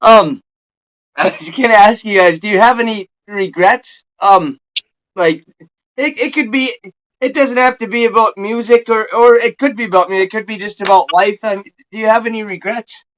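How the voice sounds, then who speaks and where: A man hosting a casual interview, laid-back and quick to laugh. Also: sits high, fairly bright tone, low-quality recording. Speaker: interview host.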